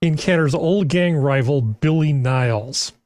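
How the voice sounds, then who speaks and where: A man's voice: fairly high pitch, measured pace, a little mellow, no echo. A man on a podcast panel, chatting in a dry, sardonic way. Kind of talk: casual chat.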